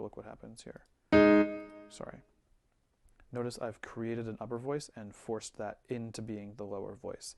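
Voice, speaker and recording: A man giving a relaxed screen-recorded music software tutorial, thinking aloud with fillers as he works. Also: medium pitch, creaky, no echo. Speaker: music teacher.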